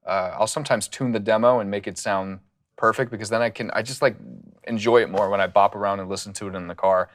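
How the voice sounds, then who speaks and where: Speaking quickly in a lowish voice, a music producer chats his way through his studio routine in a relaxed, rambling style full of fillers, on a condenser mic in the studio.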